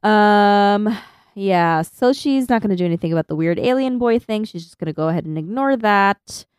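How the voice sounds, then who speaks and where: A woman's voice: mid-range voice, expressive, moderate pace, a little mellow, clear, resonant tone, no room sound, studio quality. A woman co-hosting a podcast, chatting casually and laughing as she reads out her notes. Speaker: podcast co-host. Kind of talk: casual chat recapping an anime.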